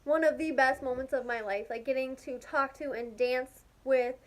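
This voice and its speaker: A young woman telling a story to her camera in a casual, gushing, excitable way, filling her talk with "like". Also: high-pitched, moderate pace. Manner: gushing, excitable, heavy use of "like". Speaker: vlogger.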